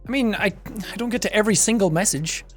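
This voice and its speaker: A man's voice: high-pitched, quick pace, soft background music. A young Irish man livestreaming from a home setup, chatting casually and joking as he reads chat, with a clean studio mic. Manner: joking, animated, mimics accents for laughs. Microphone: studio shotgun mic with filters.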